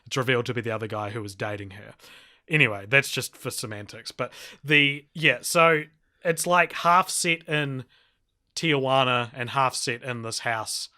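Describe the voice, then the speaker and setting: Rambling podcast co-host, bright and forceful, dry close mic. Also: male voice, medium pitch, moderate pace, no room sound. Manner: animated, rambling, laughs often. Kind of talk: casual film review chat.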